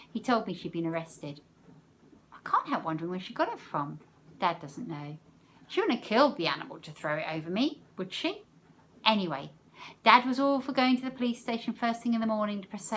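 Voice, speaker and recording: A woman teacher reading a novel aloud, expressive, letting her loudness rise and fall with the story. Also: lowish voice, slight background noise.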